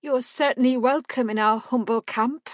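A woman voicing a young wife, anxious but spirited, speaking brightly and with emphasis. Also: on the high side, fairly even intonation, normal speed, dry recording, studio quality, pitched above the performer's own voice, lightly acted. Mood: lively.

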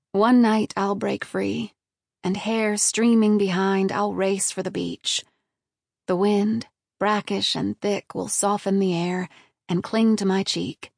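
A woman narrating an audiobook in a measured, even reading. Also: mid-range voice, creaky, no echo, studio quality. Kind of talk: scripted narration.

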